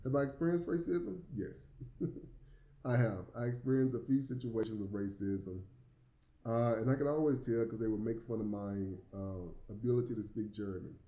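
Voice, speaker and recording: A man's voice: mid-range voice, normal speed, warm tone, reverberant, highs cut off. An American man with a Southern accent and a slight lisp, talking casually to the camera in a rambling way, often repeating words and chuckling. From United States. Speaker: vlogger living abroad.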